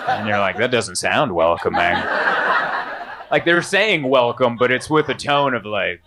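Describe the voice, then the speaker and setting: A man in his thirties performing stand-up in a club, telling stories conversationally and acting out other people in quick put-on voices. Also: on the low side, expressive, noisy background. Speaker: stand-up comedian. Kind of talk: stand-up comedy set. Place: comedy club stage before a laughing audience.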